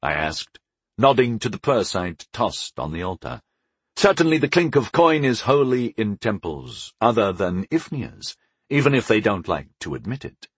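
A man telling a first-person fantasy story in a wry, measured manner. His husky voice moves with lively swings of pitch. The recording is dry, with no room sound. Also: no echo. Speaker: audiobook narrator.

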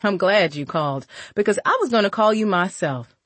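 A woman reading the part of an older, gentle grandmother who speaks softly and affectionately. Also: mid-range voice, expressive, fairly quick, no echo, close to an everyday voice. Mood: tender. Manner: soft, affectionate, calls listener baby.

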